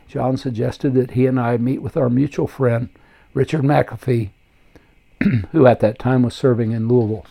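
Older man, pastor, earnest memoir reading, reflective, warm dark tone. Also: medium pitch, gravelly, husky. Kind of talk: reading his own memoir aloud.

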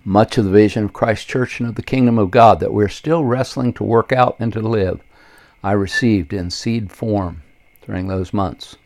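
An older man reading his own memoir aloud in a measured, earnest way, with occasional slips. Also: fairly low pitch, a little mellow, no room sound. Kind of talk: memoir narration.

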